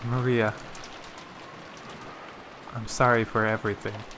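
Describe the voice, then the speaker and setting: A man voicing a worried, stern middle-aged mother with a low, subdued delivery. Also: sing-song, normal speed, background noise, close to an everyday voice.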